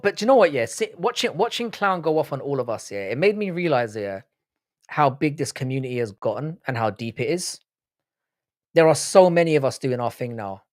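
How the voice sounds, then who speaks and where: A young man chatting loosely with his live-stream viewers, cursing freely and tripping over his restarts. His voice sits at an ordinary middle pitch and sounds close and dry, with no room sound. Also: dry recording. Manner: swearing, bantering, rambling with restarts. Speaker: livestream host. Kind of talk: casual live-stream chat, reacting to comments.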